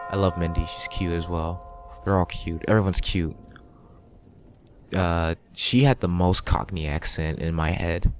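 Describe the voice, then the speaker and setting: Chatty man reading aloud, low voice. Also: unhurried. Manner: chatty, joking, stumbles on words. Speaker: reader of a game. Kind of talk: casual reading with asides.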